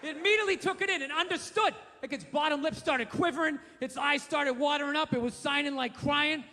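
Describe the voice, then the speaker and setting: Ranting American comedian, high, bright voice, big-hall reverb. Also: male voice, a little fast. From USA. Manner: ranting, profane, exasperated. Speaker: stand-up comedian. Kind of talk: stand-up comedy. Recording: large hall reverb, faint room noise.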